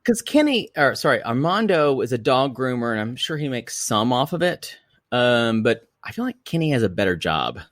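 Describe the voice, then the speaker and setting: A man in his forties co-hosting a podcast, teasing and quick-witted. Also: mid-range voice, sing-song, a bit bright, dry recording, studio quality. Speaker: podcast co-host. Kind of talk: casual chat recapping reality TV.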